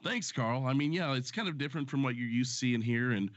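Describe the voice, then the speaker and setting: A man's voice: medium pitch, fast, dry recording. A man hosting a live stream, chatting loosely and profanely with friends, his voice stuffy and strained from a sore throat. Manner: loose and profane, reading donations aloud. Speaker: host of a live stream show. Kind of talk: casual live-stream chat and game commentary. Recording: dry, dull lo-fi stream audio.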